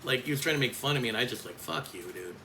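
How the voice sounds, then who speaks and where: A man's voice: mid-range voice, rapid-fire, pushed and bright, slight background noise, low-quality recording. A man who works as a coach, speaking in a bitter, blunt and profane vlog rant.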